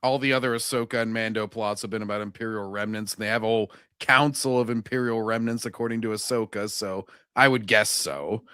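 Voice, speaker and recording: A man's voice: on the low side, steady tone, a little fast, hardly any pauses, bright, forceful tone, smooth, no echo, studio quality. A man hosting a podcast in casual, jokey chat. He laughs often and acts out scenes. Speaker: podcast host.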